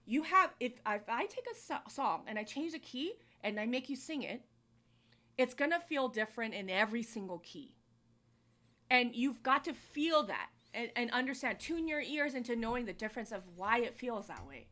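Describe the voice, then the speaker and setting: A woman's voice: on the high side, expressive, normal speed, pushed and bright. A woman hosting a live music-review stream, giving blunt, coaching feedback on songs and teasing her co-host. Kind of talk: live-stream song critique.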